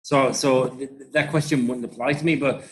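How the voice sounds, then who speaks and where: A man's voice: medium pitch, fairly even intonation, normal speed. Rambling, swearing Irish man. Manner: rambling, profane, laughs often. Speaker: interview guest, rugby club founder. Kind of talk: casual storytelling interview.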